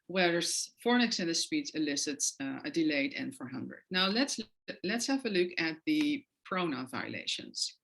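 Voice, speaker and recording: A woman's voice: on the low side, a bit bright, poor audio. A woman with a non-native English accent giving an academic lecture, explaining her research with frequent hesitant fillers. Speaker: guest lecturer.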